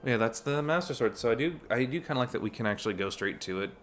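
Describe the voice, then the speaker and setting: A man's voice: medium pitch, animated, fast, fairly bright tone, faint music behind. A man giving casual, chatty commentary while streaming a video game, thinking aloud with fillers and restarts. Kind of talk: casual let's-play commentary.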